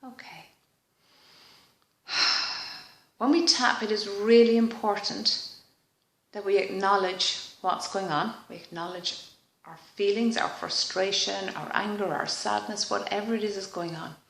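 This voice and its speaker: A woman leading a guided EFT tapping session in a slow, soft, reflective manner, pausing for frequent sighs. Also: medium pitch, steady tone, creaky, echoey room.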